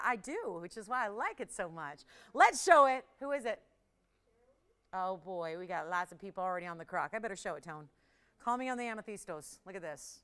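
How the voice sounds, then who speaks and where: Bright excitable lady selling jewelry live on tv, chatty, kinda high voice, laughs a lot. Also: normal speed. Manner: chatty, excitable, laughs often, talks to callers and operators. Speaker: jewelry shopping host. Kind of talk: live TV shopping pitch.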